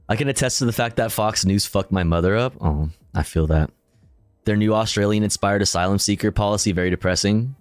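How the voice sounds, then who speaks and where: A man's voice: on the low side, fairly quick, dry recording, soft background music. A male streamer casually reading news articles aloud and commenting, profane and self-deprecating, often stumbling over his words.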